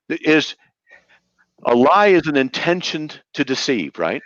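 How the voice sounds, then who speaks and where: Incredulous, animated man in a heated debate. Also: a little high, measured pace, dry recording. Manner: incredulous, interrupting, sarcastic questions. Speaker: debater defending a belief. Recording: dull, dry lo-fi sound.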